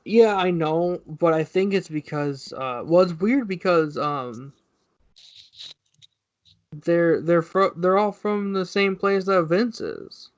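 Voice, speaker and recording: A man's voice: high-pitched, takes it slowly. A man co-hosting a casual wrestling podcast, rambling and recounting what others said. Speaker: podcast co-host.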